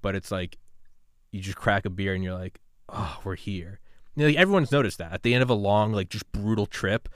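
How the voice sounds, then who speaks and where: A lower-voiced man hosts a podcast from a room at home, talking casually and cursing often. He rambles from hushed, mumbled thoughts into loud, revved-up encouragement. The sound is dry and close, with little room echo. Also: lively intonation, fast, smooth. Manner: rambling, profane, swings from subdued to loud and fired-up. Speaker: podcast host. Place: home room with gaming setup.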